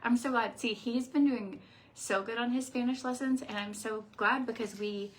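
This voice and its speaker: A woman's voice: a little high, fairly even intonation, moderate pace. A woman vlogger in casual chat, chatty and laughing often.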